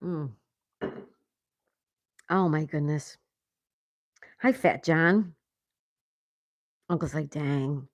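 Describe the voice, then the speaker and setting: A woman with a lowish voice hosts a casual livestream and reads viewer comments aloud, laughing often. The sound is dry and close, with almost no room echo. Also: drawn-out words, long pauses. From United States. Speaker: livestream host. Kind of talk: casual live chat reading comments. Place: home in Florida.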